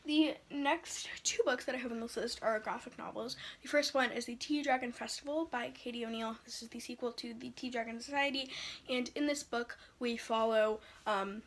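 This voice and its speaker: A young woman talking casually about books she wants to read, chatty and excitable with lots of fillers. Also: fairly high pitch, normal speed, a little hiss or hum. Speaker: book vlogger. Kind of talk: casual chat. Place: home room.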